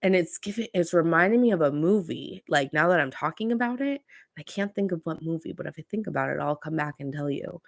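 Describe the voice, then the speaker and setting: A woman's voice: deep voice, animated, fairly quick, vocal fry, no echo, clean studio sound. A woman from Southern California hosting a casual pop culture podcast, rambling chattily with fillers and self-corrections. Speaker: podcast host.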